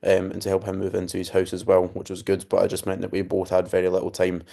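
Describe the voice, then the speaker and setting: A man's voice: sits low, completely flat delivery, quick pace, creaky, warm tone. A young man, co-hosting a casual podcast and telling stories with swearing and laughter. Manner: chatty storyteller, swears, laughs often. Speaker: podcast co-host, coach.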